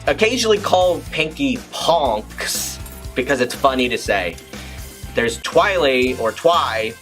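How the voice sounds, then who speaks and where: Casual reaction host, middle pitch, animated and rambling, faint music behind. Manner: rambling and chatty, many restarts and asides. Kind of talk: casual commentary over a film.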